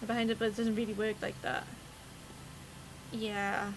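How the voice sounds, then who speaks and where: A woman's voice: medium pitch, flat delivery, normal speed, noisy background. A woman livestreamer chatting casually, rambling and swearing, with lots of fillers. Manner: rambling and profane, with many fillers. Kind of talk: casual stream chat.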